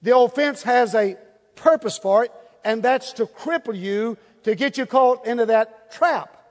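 Male preacher, high voice, folksy and animated, hall reverb. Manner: folksy, animated, acts out little scenes. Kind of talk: sermon. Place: church hall before a congregation.

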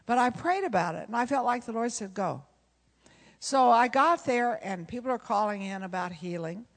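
Animated woman preaching in a big echoing hall. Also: fairly high pitch, normal speed. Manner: animated, acts out dialogue, laughs often. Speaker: pastor's wife and preacher. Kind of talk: sermon with storytelling. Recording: long reverb of a large hall.

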